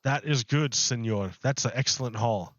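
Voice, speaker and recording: A game streamer chats casually while livestreaming from his home apartment, rambling and loose with his words. His voice is mid-range at a moderate pace, and the recording has its highs cut off.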